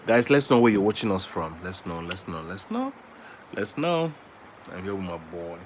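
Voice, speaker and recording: A man vlogging at home with his baby son, switching between slow casual talk and high cooing baby talk and singing. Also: lively intonation, a little hiss or hum.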